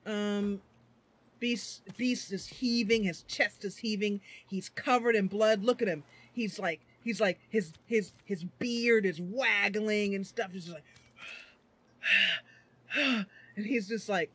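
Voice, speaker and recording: A woman hosting a livestream, talking in an excitable, giggly, expressive way as she plays a fantasy game at home. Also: medium pitch, slow pace, slightly rough. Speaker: streamer and host. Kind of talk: livestream gameplay commentary.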